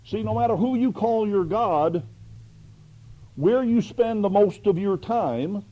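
A man's voice: high voice, lively intonation, slow, lo-fi sound. A man preaching a sermon in a folksy, emphatic way, full of rhetorical questions. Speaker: pastor.

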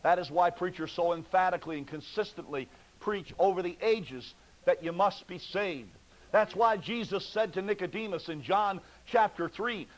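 A man's voice: high-pitched, low-quality recording. A man preaching a fervent sermon from the pulpit, pleading with his listeners through repeated rhetorical questions.

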